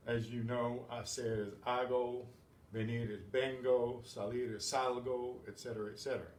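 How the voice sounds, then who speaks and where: A man teaching a Spanish grammar lesson, explaining step by step and clearing his throat often. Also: mid-range voice, level tone, unhurried, long pauses, a little mellow, recorded from a distance. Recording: echoey room with faint background hum.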